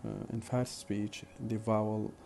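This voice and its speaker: A man teaching a phonetics lesson in a slow, deliberate way, repeating example questions. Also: lowish voice, flat delivery, vocal fry, dark tone, slight background noise. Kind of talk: recorded lecture.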